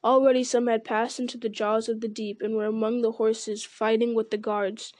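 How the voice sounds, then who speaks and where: A woman reading a fantasy novel aloud with steady narration and small stumbles that she corrects. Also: a little high, normal speed, no echo. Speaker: reader.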